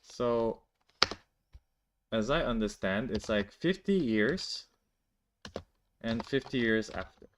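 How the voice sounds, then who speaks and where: A man teaches a language during a relaxed live stream, taking questions from viewers and explaining in a rambling way with lots of "like" and false starts. His medium-pitched voice is animated but slow, with frequent pauses and slight background noise.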